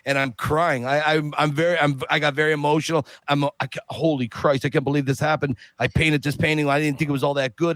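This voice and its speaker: A man guest on a podcast, telling a long story in a casual, animated way and acting out the people in it. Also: on the high side, no room sound. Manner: animated, acts out quoted voices.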